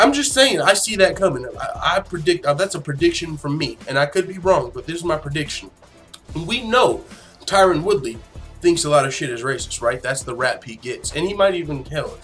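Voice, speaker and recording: A man hosting a casual fight commentary vlog, talking in a profane, rambling way and flaring into loud, excited outbursts. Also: fairly high pitch. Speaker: MMA news channel host.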